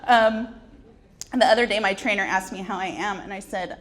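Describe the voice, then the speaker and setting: A woman's voice: medium pitch, brisk. A woman in her forties telling wry, self-deprecating comic stories on a conference stage, often laughing at her own jokes. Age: 40s. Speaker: conference speaker. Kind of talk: comedic personal storytelling.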